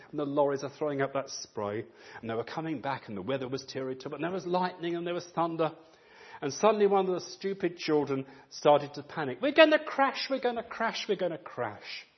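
A man preaching a sermon, telling stories with animated, acted-out quotes. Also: a little high, fast talker, muffled recording. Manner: animated storytelling, acts out quoted voices.

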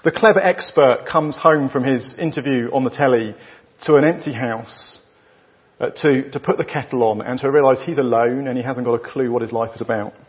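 A man with a British accent preaching a sermon to a church, emphatic and full of rhetorical questions, leaving weighty pauses between his phrases. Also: medium pitch, slightly rough. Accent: British English. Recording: dull lo-fi recording.

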